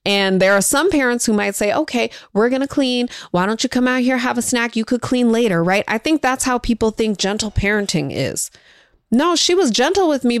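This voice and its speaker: A woman's voice: medium pitch, no room sound, studio quality. A mother talking casually and encouragingly to viewers, sharing parenting advice in a conversational, folksy way.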